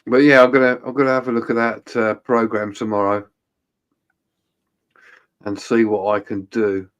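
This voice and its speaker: Easygoing livestream host. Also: male voice, lowish voice, little pitch movement, normal speed, highs cut off. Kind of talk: casual chat.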